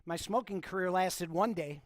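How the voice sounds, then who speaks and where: Casual storytelling pastor, fairly high voice. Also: male voice, moderate pace, no echo. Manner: informal, self-deprecating, talks straight to the congregation. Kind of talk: conversational sermon storytelling. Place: church.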